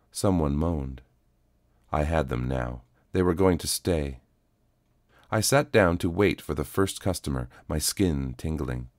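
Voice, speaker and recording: Male audiobook narrator, strikingly low voice, dry close-mic sound, steady delivery. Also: no room sound. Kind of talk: first-person story reading.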